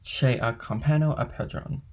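Man reading as a fatherly middle-aged ship owner, genial, gravelly, middle pitch, audiobook. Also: normal speed, darkish tone, close to an everyday voice.

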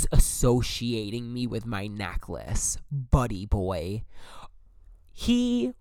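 A young man hosts his own podcast and tells a story in casual, animated bursts. He sounds exasperated and swears freely. The sound is dry, with no room echo. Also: mid-range voice, clean tone. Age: young adult. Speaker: podcast host.

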